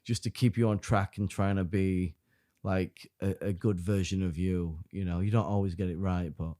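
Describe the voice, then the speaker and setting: A man's voice: sits low, steady tone, moderate pace, mellow. A man from the UK co-hosting a podcast in casual chat, reflective and hesitant, leaning on "you know". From United Kingdom. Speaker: podcast co-host.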